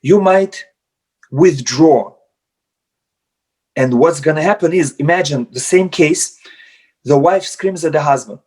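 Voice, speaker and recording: A man's voice: on the high side, slow pace, long pauses, darkish tone, husky. A man, a rabbi, giving a lecture on marriage over a video call, acting out quarrels between spouses. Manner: acts out spouses' quarrels in quoted voices. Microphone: computer mic on video call.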